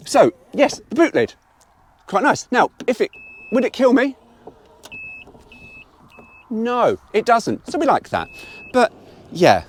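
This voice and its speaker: A man's voice: very high-pitched, wildly swooping pitch, takes it slowly, pauses often, slight background noise. A middle-aged man, giving a chatty, blunt and opinionated car review walkaround with some mild swearing.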